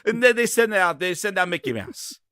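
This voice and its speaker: Swearing guy hosting a gaming show, high and super lively. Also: brisk, clean tone, no room sound, studio quality. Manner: profane, animated ranting. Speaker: podcast host. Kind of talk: casual chat.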